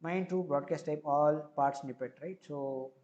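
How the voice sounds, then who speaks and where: This man, who has an Indian accent, runs a live coding stream and explains what he's doing step by step, leaning on filler words in the pauses. His fairly high voice is a little mellow, and the recording sounds muffled.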